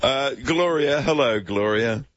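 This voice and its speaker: A man's voice: medium pitch, animated, measured pace, fairly bright tone, no room sound. A man hosting a casual talkback radio show, teasing callers in a joking way. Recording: slightly dull radio broadcast.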